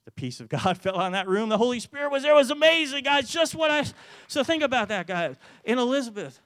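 A man giving an earnest testimony to a church, telling the story in a way that grows animated. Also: sits high, no echo. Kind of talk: testimony sermon.

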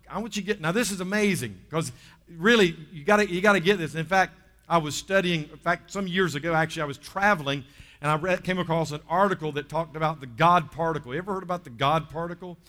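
A man's voice: on the high side, sharp tone. A man with a Southern US accent preaching a sermon, emphatic, stretching key words and calling on the congregation to respond. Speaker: pastor. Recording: reverberant hall sound.

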